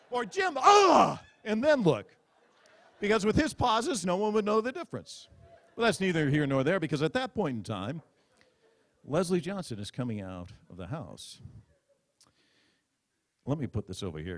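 A man doing stand-up comedy on stage, telling a mock-dramatic story into a stage microphone. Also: mid-range voice. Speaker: comedian at a press club roast. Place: stage before a live audience.

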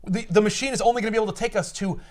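A man casually retelling a comic's plot to friends on a podcast, acting out characters in quick voices. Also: high-pitched. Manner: animated storyteller, acts out characters in quick voices. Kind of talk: casual comedic chat.

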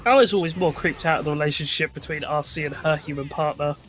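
A man's voice: on the high side, fast, fairly bright tone, faint music behind. A man chatting casually with friends in a dry, sarcastic way. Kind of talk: casual chat.

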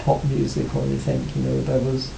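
A man being interviewed about his music career, talking reflectively with many pauses and restarts. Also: big pitch swings, vocal fry. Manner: hesitant, many restarts and "you know". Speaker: interviewee, former band cellist. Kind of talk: reflective casual interview talk. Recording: roomy, faint rumble.

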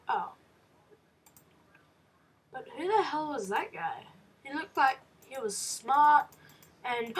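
A woman playing through a game, excitable and reading the game's text aloud with quick reactions. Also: sits high, recorded from a distance. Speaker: let's play gamer. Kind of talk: casual game commentary.

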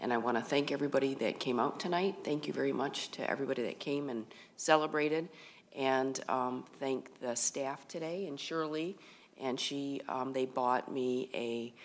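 A woman's voice: rumbling low, normal speed, slight background noise. A woman chairing a township board meeting, giving informal thanks as she closes it. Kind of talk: public meeting remarks.

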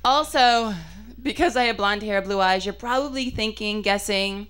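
A young woman performing a stand-up comedy set, chatty and self-mocking, with punchy delivery and quick asides. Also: medium pitch, fairly bright tone, clean tone.

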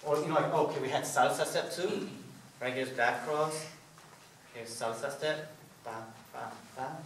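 A man's voice: a little high, moderate pace, slight background noise. A male salsa instructor counting beats aloud and explaining moves to a class in a casual, loose way. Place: dance studio, indoors. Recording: echoey studio from a distant camera.

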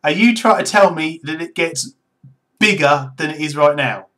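A British man chatting casually with strangers on a video call, excitable and exclamatory. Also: fairly high pitch, moderate pace. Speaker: video chat host.

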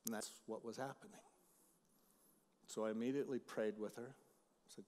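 A middle-aged male pastor preaching a sermon, shifting between loud emphatic lines and quiet storytelling. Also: fairly low pitch, steady tone, moderate pace, slight background noise. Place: church sanctuary. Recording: long hall reverb.

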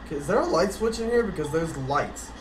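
A man playing a horror game with friends, jumpy and cursing as he talks through his fear, in an echoey room with loud noise. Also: a little high, expressive, fast. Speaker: player.

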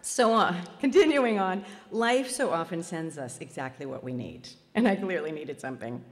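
A woman's voice: low voice, lively intonation, moderate pace, big-room sound. A woman speaking at a festival, telling a personal story and laughing at herself as she goes. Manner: warm self-deprecating storyteller who laughs at herself. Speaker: spiritual healer speaking at a festival.

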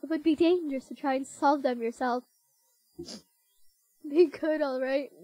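A young woman voicing a gentle, motherly goat monster who talks slowly and politely, with music playing behind her. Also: high voice, steady tone, dry recording.

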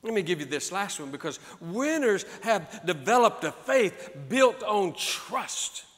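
Fired-up preacher guy, high bright voice, yelling then joking around, big echoey church hall. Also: big pitch swings, a little slow. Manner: fiery, builds to shouts, folksy asides. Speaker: pastor. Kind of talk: preaching a sermon.

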